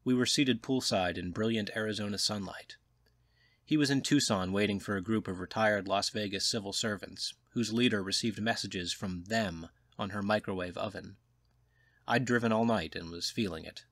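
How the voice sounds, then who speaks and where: A man reading a short story aloud in a measured, quiet, subdued narration. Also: lowish voice, no echo. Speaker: audiobook reader. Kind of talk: scripted narration.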